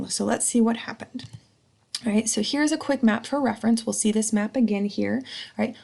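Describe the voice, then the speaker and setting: A woman's voice: medium pitch, gravelly, darkish tone. A woman teacher giving a recorded history lesson, chatty and casual, checking in with a "right?" after each point. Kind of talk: recorded slideshow lecture.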